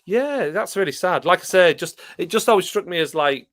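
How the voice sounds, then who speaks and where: A man's voice: high voice, normal speed, no room sound. Chatty Yorkshire man, dry close sound. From Yorkshire, England. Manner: chatty, relaxed, laughs often, frequent restarts. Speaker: live stream host. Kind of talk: casual live-stream chat reading comments.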